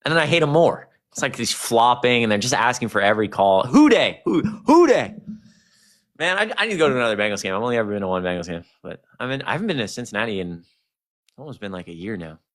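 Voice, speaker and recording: A young man hosting a casual livestream, talking to chat in a rambling, animated way with plenty of swearing. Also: fairly low pitch, quick pace. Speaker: streamer.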